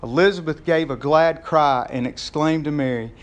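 A male pastor giving a sermon with a notably high voice. He talks to the congregation in a folksy, joking way rather than with formal oratory. His delivery stays casual and conversational. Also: moderate pace, hardly any pauses.

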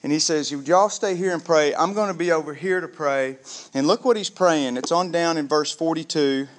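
A man preaching a sermon, conversational and animated, calling the congregation "gang" and asking them questions. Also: a little high, normal speed. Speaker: pastor.

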